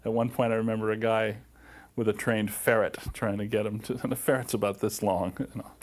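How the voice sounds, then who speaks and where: A filmmaker being interviewed, recalling the production with thoughtful pauses and fillers. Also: male voice, lowish voice, steady tone. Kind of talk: interview recollection.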